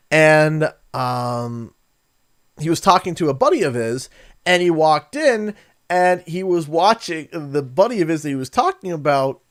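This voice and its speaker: Young canadian dude streaming games, chatty and rambly, middle pitched voice. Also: male voice. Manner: rambling, friendly storyteller who acts out quotes. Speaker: gaming streamer. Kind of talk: casual livestream chat.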